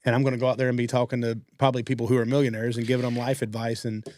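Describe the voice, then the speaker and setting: A man, co-hosting a podcast and telling stories in a casual, animated way, acting out what other people said. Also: medium pitch. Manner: fast-talking, animated quoting of others. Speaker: podcast co-host. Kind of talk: casual storytelling.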